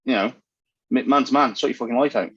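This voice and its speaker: A man's voice: medium pitch, quick pace, a bit bright, slightly rough, no echo, lo-fi sound. A man answering quiz questions as a podcast guest in a dry, plain-spoken way, giving detailed answers. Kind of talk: casual chat.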